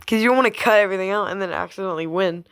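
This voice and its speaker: A young woman who makes gaming YouTube videos talks casually to her camera in a mid-range, fairly bright, smooth voice at a racing pace. She rambles, giggles and teases, often letting a thought trail off before jumping to the next.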